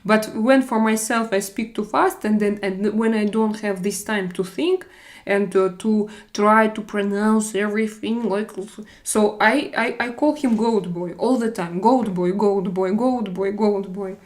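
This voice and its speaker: A woman with a Russian accent chatting casually on a live stream, halting and hesitant, often restarting with fillers. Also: mid-range voice, steady tone. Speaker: livestream host reading chat.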